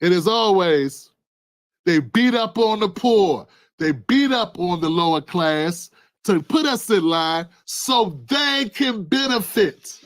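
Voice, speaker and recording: A man's voice: high-pitched, expressive, takes it slowly. A man hosting his own channel, giving impassioned political commentary full of repeated rhetorical questions. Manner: fervent, repetitive rhetorical questions, addresses a listener by name.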